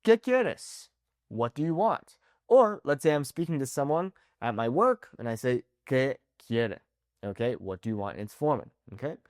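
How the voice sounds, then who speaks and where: A man teaching an online language lesson, animated and often checking in with "okay?". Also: mid-range voice, a little fast, no room sound, clean studio sound. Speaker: Spanish teacher.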